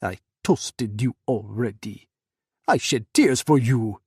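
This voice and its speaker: A man voicing a gruff Russian rebel commander with a rough voice, speaking formally without contractions. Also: mid-range voice, lively intonation, takes it slowly, darkish tone, dry recording, clean studio sound, exaggerated voice. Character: hardened male Russian rebel leader, gruff, emotional. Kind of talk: audiobook character voice.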